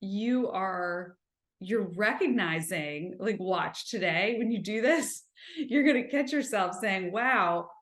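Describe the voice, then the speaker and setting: A woman's voice: mid-range voice, animated, roomy sound. A woman hosting a self-help podcast, talking earnestly in a coaching tone and asking her listeners rhetorical questions. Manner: slows and softens when describing gentle listening. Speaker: podcast host.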